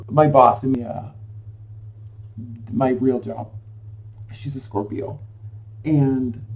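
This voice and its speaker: A man's voice: fairly high pitch, mellow. A man giving a casual tarot reading to camera, chatty and rambling in an effusive way, recorded at home. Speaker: tarot reader. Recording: distant, dull lo-fi sound.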